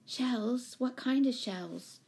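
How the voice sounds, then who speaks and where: Woman doing a talky little girl, high and bouncy. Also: takes it slowly, gravelly. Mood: girlish. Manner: bright, higher, lively. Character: tired, chatty young girl.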